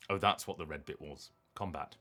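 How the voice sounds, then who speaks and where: Deep-voiced man rambling on stream. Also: fairly quick, soft background music. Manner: rambling, animated, thinks aloud. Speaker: streamer and voice actor. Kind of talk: casual gaming stream chat.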